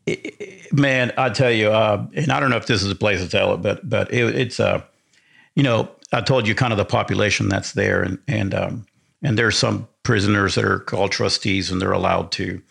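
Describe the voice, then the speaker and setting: Gravelly low-voiced man telling a story. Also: moderate pace, fairly bright tone. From Argentina. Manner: rambling, many restarts, enthusiastic. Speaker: podcast guest, live sound engineer. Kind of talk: casual storytelling.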